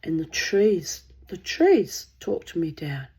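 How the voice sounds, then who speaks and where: A woman tells a story from her own life, candid, rambling and freely swearing. Her voice sits a little low and has a husky, breathy grain. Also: big pitch swings, slow pace, a little mellow. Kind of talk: casual spoken storytelling.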